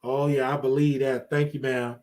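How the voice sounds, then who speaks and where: A man's voice: medium pitch, little pitch movement, normal speed, a little mellow. A man hosting a call-in show, polite and easygoing, answering with yes ma'am. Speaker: host. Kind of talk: casual call-in chat.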